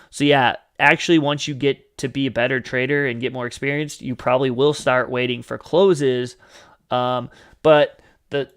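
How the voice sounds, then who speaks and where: A man's voice: mid-range voice, a bit bright. Chatty man teaching on a livestream. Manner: chatty, frequent fillers and "you guys", acts out panicked traders. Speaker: livestream host teaching trading. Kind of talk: casual live Q&A teaching.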